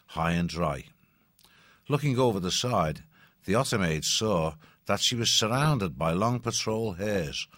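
Male storyteller, low voice, measured narration, dry close recording. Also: dry recording. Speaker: audiobook narrator.

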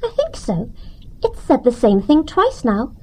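Man doing a young girl mouse in a storybook; high falsetto, lively melody. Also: unhurried, heavily acted, low-quality recording. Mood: earnest. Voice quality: high falsetto, sing-song. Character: bright young female mouse.

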